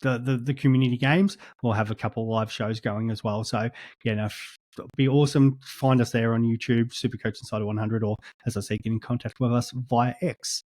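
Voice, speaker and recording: An Australian man speaks as a podcast guest in a relaxed, hesitant way, full of ums and little restarts. His voice stays flat and even in pitch. The sound is dry and close. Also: brisk, dry recording. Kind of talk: casual podcast chat.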